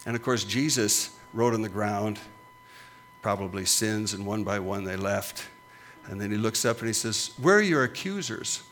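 A man's voice: lowish voice, fairly even intonation, moderate pace, fairly bright tone, slight background noise. A middle-aged man preaching as a pastor, with emphatic, punchy repetitions that rise and fall. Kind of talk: sermon.

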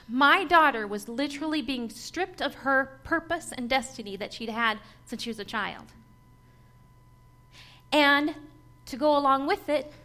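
Speaking to a church gathering, a woman gives a sermon built on her personal testimony. Her high, sharp-toned voice is earnest and full of feeling, with light laughter slipping into her storytelling.

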